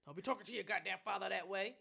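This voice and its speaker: A middle-aged woman co-hosting a podcast, telling loud, profane stories in casual chat and laughing often. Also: mid-range voice, very fast, creaky. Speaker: podcast co-host.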